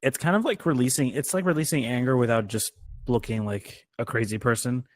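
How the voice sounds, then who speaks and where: A young man co-hosting a casual podcast chat, loose and joking, acting out reactions with mock shouts. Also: mid-range voice, fairly quick. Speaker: podcast co-host.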